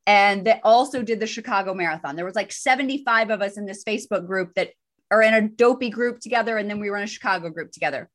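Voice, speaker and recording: A woman co-hosting a podcast, telling a personal story in casual chat with a lively, self-deprecating manner. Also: medium pitch, fast. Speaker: podcast co-host.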